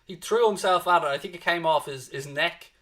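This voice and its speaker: An Irish man from Dublin calls a football match live for a fan stream, his voice bright and forceful and a bit higher than most men's. He talks animatedly and swears freely, and he keeps pushing viewers to stay positive. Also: fairly quick. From Ireland. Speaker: fan watchalong host. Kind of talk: live match commentary and chat.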